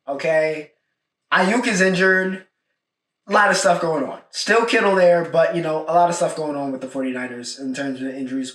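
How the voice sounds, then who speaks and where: A man's voice: high voice, fairly bright tone. A young man hosting a solo sports podcast, talking casually and emphatically, often repeating his points with "all right?". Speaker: podcast host. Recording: echoey room, mic at a distance.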